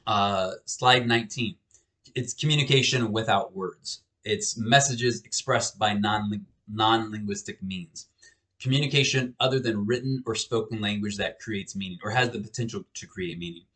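A man's voice: on the low side, moderate pace, fairly bright tone. A man lecturing on communication in a recorded class video, explaining with frequent restarts and fillers. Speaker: college lecturer.

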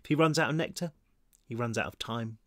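A man's voice: mid-range voice, brisk, a bit bright, dry recording, clean studio sound, close to an everyday voice. A man voicing a scruffy, practical teenage boy who talks in a matter-of-fact, grim way.

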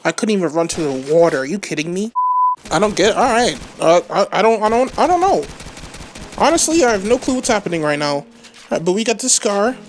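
A woman giving live gameplay commentary as a gaming channel host, excitable and rambling, trash-talking opponents. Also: medium pitch, fairly quick, noisy background.

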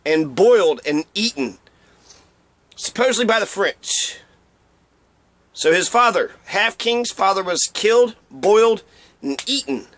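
A man with a high voice tells history in a loose, irreverent way, dropping blunt asides and tripping over names before trying them again. It is a dry recording, close and with no room sound. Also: a bit bright, no echo. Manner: stumbles over and repeats names. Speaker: history presenter. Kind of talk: casual spoken history lesson.

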